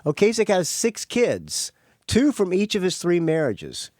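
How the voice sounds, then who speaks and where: A man's voice: high-pitched, wildly swooping pitch, unhurried, darkish tone, dry recording, studio quality. A middle-aged man hosting a podcast, talking casually and rambling, often correcting himself as he goes. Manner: rambling, self-correcting, offhand. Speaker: podcast host.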